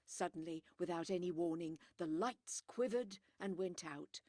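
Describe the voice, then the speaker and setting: A woman narrating a mystery audiobook in a measured storytelling manner, with dramatic pauses. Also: lowish voice, warm tone, no echo, studio quality. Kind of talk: scripted narration.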